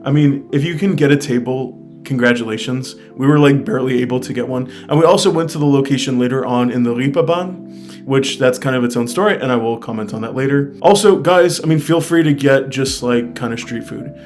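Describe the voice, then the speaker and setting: A man's voice: medium pitch, a little fast, darkish tone. American man, casual enthusiastic travel vlogger, loose and chatty, light guitar bed behind. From United States. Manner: chatty, fills speech with "like" and "I mean"; enthusiastic, recommends things directly to viewers. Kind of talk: casual travel review talk. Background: faint guitar music.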